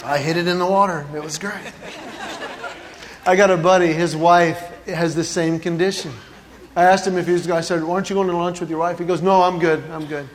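Over a faint crowd, a man with a high-pitched voice does stand-up comedy at a brisk clip, his intonation fairly even. He tells stories full of quoted dialogue and chuckles at his own jokes, with long hall reverb and faint ambient noise in the recording.

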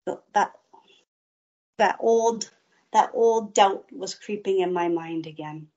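A woman's voice: mid-range voice, a little mellow, dull audio. A woman guest earnestly telling a personal faith testimony in an interview. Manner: slow, earnest storytelling.

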